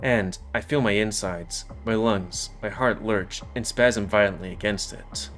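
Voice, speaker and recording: Reading a visual novel aloud in the first person, this let's player uses a low male voice at a measured pace, adding casual asides over soft background music.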